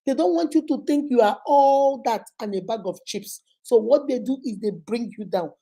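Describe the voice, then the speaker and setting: A woman's voice: a little high, lively intonation, normal speed, dark tone. Emphatic Nigerian woman giving advice. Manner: emphatic and repetitive, preacher-like. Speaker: relationship advice host. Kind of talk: motivational talk to viewers.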